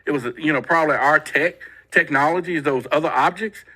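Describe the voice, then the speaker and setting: Male talk host with a very bright voice and a chatty, rambling delivery that keeps turning to the audience. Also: fairly high pitch, brisk, breathy edge, rough recording. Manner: chatty, repetitive, addresses audience directly. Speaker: show host. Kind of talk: casual talk show monologue.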